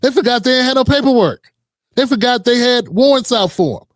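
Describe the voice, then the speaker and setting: Mocking high-voiced male commentator. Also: lively intonation, a little fast, dry recording, clean studio sound. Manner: mocking, slangy, puts on voices to mimic. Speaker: political commentary host. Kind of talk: casual reaction commentary.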